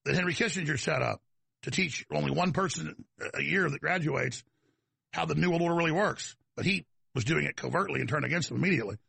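A man's voice: a little high, fast talker, vocal fry, sharp tone, husky, no room sound. A man with a Texas accent, hosting a talk show in a rambling, combative, folksy monologue that wanders off on tangents.

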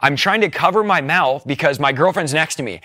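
A young man tells his conversion story in an earnest, emotional way, tears close to the surface. His voice sits a little high and sounds bright and forceful. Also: fairly quick. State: tearful. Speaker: testimony speaker. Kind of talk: personal testimony.

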